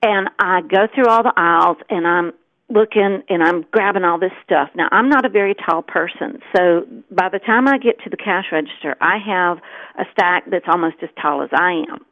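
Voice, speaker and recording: A woman's voice: on the low side, normal speed, no room sound. A middle-aged woman co-hosting a talk show, telling a personal story in an earnest, chatty way and acting out the dialogue. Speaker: co-host. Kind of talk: casual storytelling chat. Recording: tinny, dry phone line.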